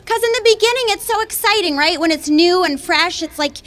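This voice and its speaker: Woman with a high voice doing stand-up, chatty, kinda hesitant. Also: animated, a little fast, a bit bright. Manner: hesitant, chatty delivery with fillers. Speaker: stand-up comedian. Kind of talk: stand-up set. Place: comedy club stage.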